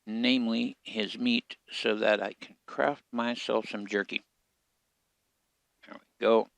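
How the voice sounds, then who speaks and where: A man giving relaxed, casual commentary as he plays a survival game, talking half to himself. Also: lowish voice, takes it slowly, creaky, dry recording. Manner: relaxed, muttering to himself while playing. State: hiccups. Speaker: game streamer.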